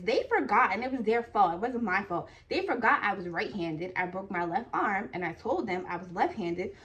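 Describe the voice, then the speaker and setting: A woman's voice: mid-range voice, fairly bright tone, a little hiss or hum. A young woman from New Jersey telling a personal story in a casual, chatty way, full of "like" and "okay?". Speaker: vlogger.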